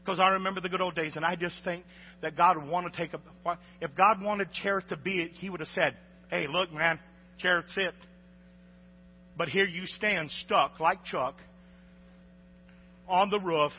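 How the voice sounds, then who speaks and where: High-voiced preacher shouting in a reverberant hall. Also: male voice, normal speed, a little hiss or hum. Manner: preaching with call-and-response, shouting at peaks. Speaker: pastor. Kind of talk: sermon. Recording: lo-fi recording with long hall reverb.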